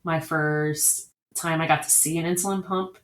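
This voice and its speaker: As an interview guest, this diabetes camp director comes across as an eager, talkative storyteller. She speaks in a low voice with fairly even intonation at a moderate pace. The conversational interview was recorded in an echoey room.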